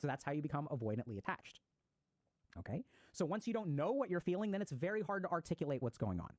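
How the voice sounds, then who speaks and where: Speaking quickly with big pitch swings, a mental health speaker with a slightly high, a little mellow voice explains attachment styles in a recorded psychology talk, playing out everyday scenarios. There's no echo.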